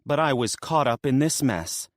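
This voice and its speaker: A man's voice: medium pitch, animated, normal speed, dry recording, studio quality, pitched above the performer's own voice, close to an everyday voice. A man reading an audiobook, voicing a bold, scheming female necromancer who talks in a curt, demanding way. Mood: commanding.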